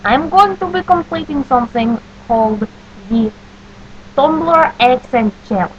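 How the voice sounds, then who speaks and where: Deadpan woman in a mock Russian accent. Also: sits high, a little slow. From New Jersey. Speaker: vlogger. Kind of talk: comic accent-challenge vlog. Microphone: webcam. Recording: dull lo-fi webcam audio with faint hum.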